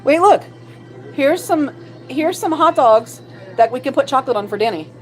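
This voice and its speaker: A woman's voice: sits high, expressive, normal speed, a little mellow, faint music behind, rough recording. A woman co-hosting a casual livestream from a shop late at night. She is sleepy and silly, laughing and reading chat messages aloud. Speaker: livestream co-host.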